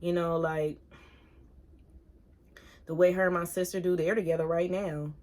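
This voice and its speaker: A woman in her thirties talking openly in a personal vlog, earnest and halting, at times giving direct advice to viewers. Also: fairly low pitch, little pitch movement, darkish tone. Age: 30s. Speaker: single mom vlogger.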